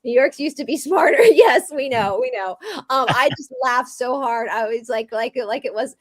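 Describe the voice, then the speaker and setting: Chatty Southern woman, higher voice. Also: expressive, normal speed, no echo. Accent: Southern American. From American South. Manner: rambling, chatty, laughs often. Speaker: host. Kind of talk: casual livestream chat.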